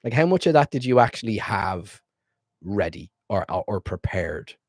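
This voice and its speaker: A man's voice: on the low side, sing-song, normal speed, dry recording. A man streaming as game master, wrapping up a tabletop session in loose, rambling casual chat with frequent swearing.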